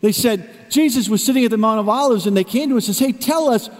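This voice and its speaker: A man preaching a sermon, telling a personal story in hushed low tones that rise into emphatic preaching. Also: fast talker. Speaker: pastor. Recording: long reverb of a large hall.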